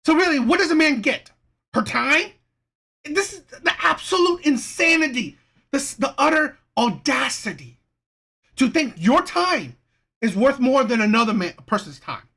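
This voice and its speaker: Woman commentary host, emphatic and indignant, high-ish voice with big swings. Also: big pitch swings, a little slow, fairly bright tone. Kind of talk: reaction commentary.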